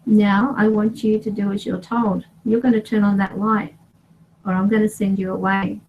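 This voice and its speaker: A woman's voice: mid-range voice, flat delivery, normal speed, lo-fi sound, slight background noise. A woman running a paranormal session for her vlog, firmly questioning and ordering unseen spirits. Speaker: paranormal investigator.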